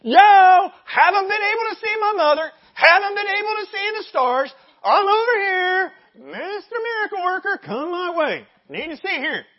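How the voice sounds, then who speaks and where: A preacher voicing a blind male beggar who cries out for mercy again and again, dragging out his words in a loud plea. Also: very high voice, animated, moderate pace, hardly any pauses, dull audio, voice pushed up. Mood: brash pleading. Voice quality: loud pleading cry, stretched words. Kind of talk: sermon re-enactment.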